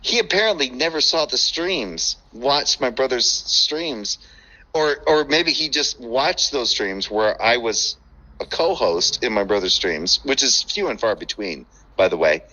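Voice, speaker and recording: A man telling stories in casual chat, profane and animated, acting out the voices he quotes. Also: medium pitch, unhurried, lo-fi sound.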